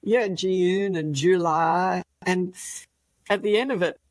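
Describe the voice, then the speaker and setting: A woman's voice: on the low side, takes it slowly, a little mellow, no room sound, rough recording. Older Australian woman, retired cop, chatty storyteller, dry close mic. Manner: chatty, laughs often, many fillers. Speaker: retired police officer, guest. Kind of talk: casual anecdote telling.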